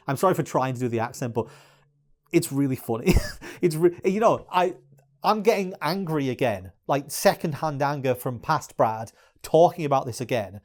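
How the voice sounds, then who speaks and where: A man's voice: on the high side, big pitch swings, a little fast. Annoyed guy ranting in a video essay, swears a lot, voice jumps all over. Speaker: YouTuber.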